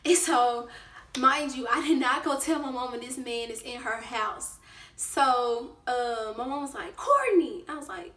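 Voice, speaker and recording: A woman vlogger telling a casual storytime, lively and acting out what people said. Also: on the high side, a little slow, far from the mic. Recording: roomy echo, away from the mic.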